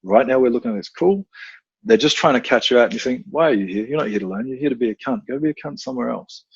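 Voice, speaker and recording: A man talking as a podcast guest, blunt and profane, telling animated stories in casual conversation. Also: mid-range voice, fast talker, vocal fry, breathy edge, dry recording, lo-fi sound. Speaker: podcast guest, combat instructor.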